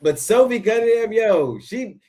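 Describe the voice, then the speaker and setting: A man's voice: high voice, lively intonation, a little slow, mellow. A man co-hosting a casual sports podcast, talking hesitantly with many fillers and restarts. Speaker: podcast co-host. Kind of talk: casual chat.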